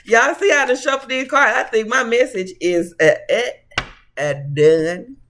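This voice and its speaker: Give me a high-voiced man doing a casual tarot reading to camera, sassy and preachy. He calls the viewers honey and baby and laughs easily between his points. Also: measured pace, sharp tone, a little hiss or hum. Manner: laughs often. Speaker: tarot reader.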